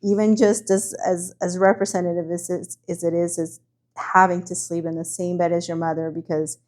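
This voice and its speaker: A woman's voice: lowish voice, little pitch movement, moderate pace, a little mellow. A middle-aged woman, a mother, talking casually and with feeling, openly empathetic in conversation. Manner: emotional, empathetic, candid.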